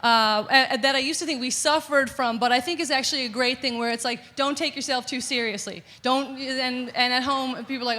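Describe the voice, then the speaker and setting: A woman's voice: high-pitched, fairly even intonation, a little fast, few pauses, pushed and bright. A woman from Newfoundland speaking thoughtfully on a comedy panel, with frequent restarts. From Newfoundland, Canada. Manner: thoughtful, hesitant, restarts often. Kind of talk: casual panel talk.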